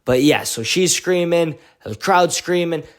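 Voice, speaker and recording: A male vlogger giving an excitable, slangy recap of a fight week, full of "like"s. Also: fairly high pitch, measured pace. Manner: excitable, slangy storytelling with many "like"s. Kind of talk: casual event recap vlog.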